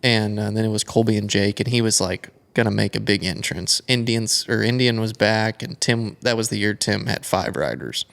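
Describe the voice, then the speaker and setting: Gravelly young man telling a long story. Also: on the low side, moderate pace, few pauses. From United States. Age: young adult. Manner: rambling, animated storytelling with many fillers. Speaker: guest, flat track racer. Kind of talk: casual storytelling interview.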